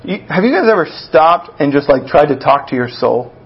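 A man's voice: fairly high pitch, expressive, fairly quick. Conversational male preacher, lo-fi sound. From Texas. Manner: conversational and storytelling, with many restarts and acted-out quotes. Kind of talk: sermon.

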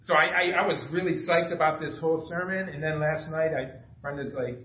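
A middle-aged man with a somewhat high voice preaches in a loose, chatty way, asking the room questions. He is heard from a distance in an echoey room, and the sound is a little dull with faint background noise. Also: fairly even intonation, brisk. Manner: informal, self-deprecating, asks the room questions. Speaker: pastor. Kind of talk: conversational sermon. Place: small church room.

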